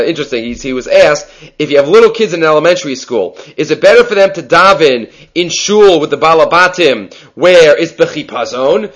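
Man, fairly high voice, Talmud class lecture, conversational explaining. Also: fairly bright tone. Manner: quick, conversational explaining, mixing Hebrew and Aramaic terms. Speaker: Talmud teacher.

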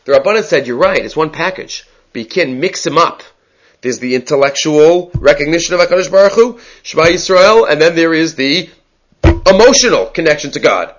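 A man teaching a Talmud class, explaining in a quick, conversational way and mixing in Hebrew and Aramaic terms. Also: fairly high pitch, expressive, muffled recording.

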